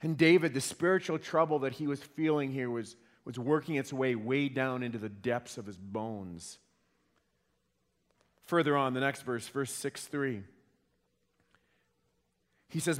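A man's voice: on the high side, normal speed. A man preaching a sermon in an earnest way, often repeating words as he starts a phrase. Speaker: pastor. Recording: long hall reverb.

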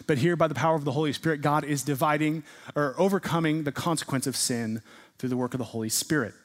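Impassioned preacher, booming then hushed. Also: male voice. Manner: dramatic swings between booming emphasis and hushed delivery; drawn-out, deliberate phrasing on key words. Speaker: pastor. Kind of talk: sermon.

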